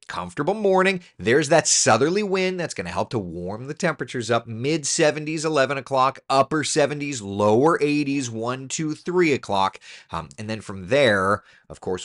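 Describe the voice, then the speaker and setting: A man with a medium-pitched, fairly bright voice hosts a casual weather live stream. He chats and jokes with viewers while reading through the forecast, griping at his computer in mock frustration.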